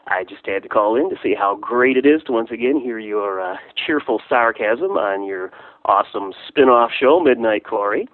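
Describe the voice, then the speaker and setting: A man's voice: on the low side, animated, moderate pace, no echo. Upbeat man on a tinny phone line. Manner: upbeat, promotional, listing dates. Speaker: voicemail caller, indie filmmaker. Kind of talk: casual voicemail message.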